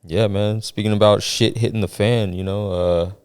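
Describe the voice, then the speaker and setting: A man's voice: fairly low pitch, fairly even intonation, normal speed, darkish tone, clear, resonant tone, dry recording, studio quality. A man chatting casually on a podcast, laid-back and dropping "man" and "you know" often. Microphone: podcast studio mic.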